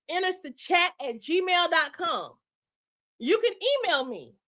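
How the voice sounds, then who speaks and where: A woman's voice: very high-pitched, bright, forceful tone. A woman hosting a live reaction stream, chatting earnestly with her viewers. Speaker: reaction channel host.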